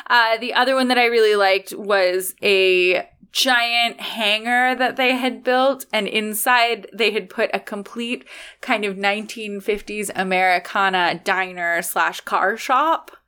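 A woman's voice: mid-range voice, sharp tone, clean tone. A young adult woman co-hosting a podcast in casual, upbeat chat, laughing often. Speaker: podcast co-host.

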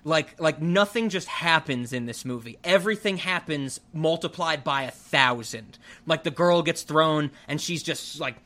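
A man co-hosting a casual film review podcast, rambling and animated with frequent restarts. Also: a little high, normal speed, few pauses. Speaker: podcast co-host. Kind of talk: casual movie review chat.

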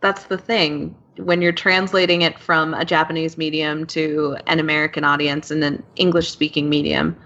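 Relaxed woman chatting, lo-fi. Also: low-pitched, moderate pace, hardly any pauses. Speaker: translator and co-host. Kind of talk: casual podcast chat. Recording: dull lo-fi sound.

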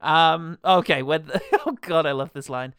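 A man's voice: a little high, measured pace, gravelly, fairly bright tone, clean tone, no room sound, clean studio sound. A man co-hosting a casual podcast, joking playfully and swearing while he recounts favourite film moments. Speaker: podcast co-host.

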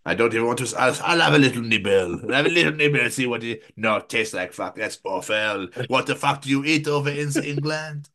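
A man's voice: medium pitch, lively intonation, brisk, hardly any pauses, sharp tone. A man voicing a snooty male French dog who sounds affronted.

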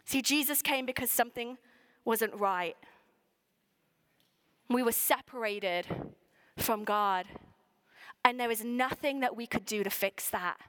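A woman preaching with a high, bright voice, earnest and emphatic. She acts out imagined voices as she speaks, and the sound is dry and close. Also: slow, long pauses, dry recording. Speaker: pastor. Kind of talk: Christmas sermon.

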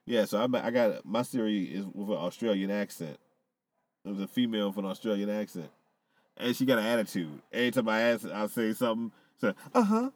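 A man's voice: lowish voice, fairly quick. A man chatting casually on a podcast, swearing freely and often laughing. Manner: animated, profane, laughs often. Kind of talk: casual chat.

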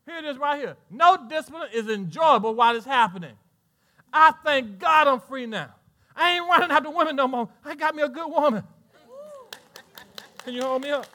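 High bright-voiced Southern pastor preaching. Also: male voice, expressive. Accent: Southern American. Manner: preaching with call-and-response asides and laughter; voices imagined congregants in quick back-and-forth. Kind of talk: sermon.

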